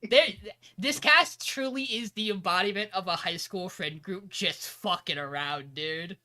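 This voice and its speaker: Bright-voiced man recapping excitedly. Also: high voice, unhurried, dry recording. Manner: animated retelling, acting out lines, swearing and laughing. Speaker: podcast co-host recapping an episode. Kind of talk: casual podcast chat.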